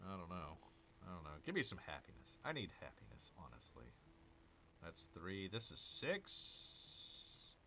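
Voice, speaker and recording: A man's voice: sits low, very animated, normal speed, gravelly, pushed and bright, slight background noise. A man hosting a casual let's-play, chatting with viewers and muttering to himself over his moves. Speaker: gaming channel host.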